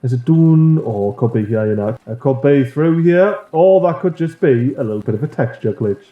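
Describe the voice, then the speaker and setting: A man chatting excitably through a let's-play video and talking to his game characters. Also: medium pitch, moderate pace, phone-quality sound. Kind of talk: casual gameplay commentary.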